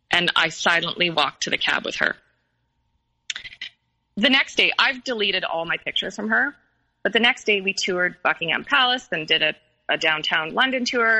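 A woman guest on a podcast, earnestly recounting a personal story in a halting way, with many pauses and restarts. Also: mid-range voice, creaky, sharp tone, rough recording.

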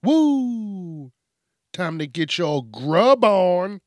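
A man hosting a casual solo news podcast, telling stories in a profane, animated way. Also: a little high, a little slow, gravelly, no room sound, clean studio sound. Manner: profane, animated storytelling with rants. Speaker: podcast host.

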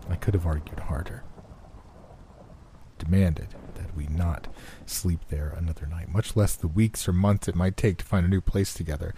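A man narrating a first-person horror story in a steady, measured, subdued way. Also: sits low, slight background noise.

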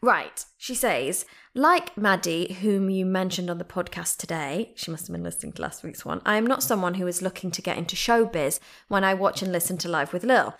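A woman's voice: on the low side, brisk, few pauses. British woman, podcast host, bubbly and giggly, casual email reading. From Britain. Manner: bubbly, giggly, reads emails aloud with lively asides. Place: at home.

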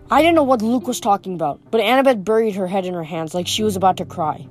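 A woman reading a novel aloud as audiobook narrator, in a steady storytelling manner. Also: mid-range voice, fast, hardly any pauses, faint music behind. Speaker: reader.

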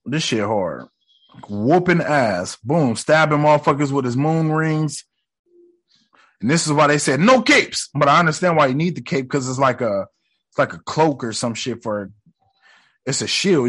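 A man giving casual reaction commentary on a show, excitable and profane, full of slang, sometimes acting out lines. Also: medium pitch, moderate pace. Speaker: reaction video host.

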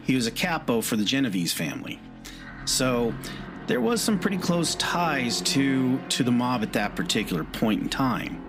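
A man's voice: mid-range voice, very animated, normal speed, music in the background. A man hosting a podcast, narrating casually with frequent hesitant fillers. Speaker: podcast host.

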